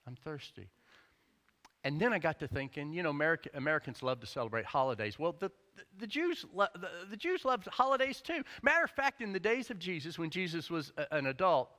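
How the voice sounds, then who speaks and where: A man preaching a sermon as pastor. He tells the story with energy, acts out the quotes in character and rises almost to a shout. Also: on the high side. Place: church sanctuary. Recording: long church-hall reverb.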